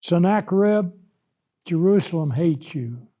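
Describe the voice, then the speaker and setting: A man with a high, mellow voice preaching slowly and emphatically through a Bible lesson. He leans hard on key words and swells louder when giving voice to the scripture. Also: animated. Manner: slow, emphatic, rises loud when voicing God.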